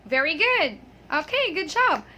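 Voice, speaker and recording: A young woman giving an upbeat English pronunciation lesson, often saying okay and slowing down to drill words. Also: extremely high pitch, sing-song, bright, forceful tone. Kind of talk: casual video lesson.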